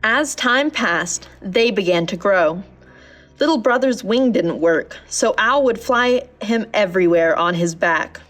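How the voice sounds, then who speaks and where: A woman narrating a children's storybook in a gentle, measured reading voice. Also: medium pitch, expressive, soft background music.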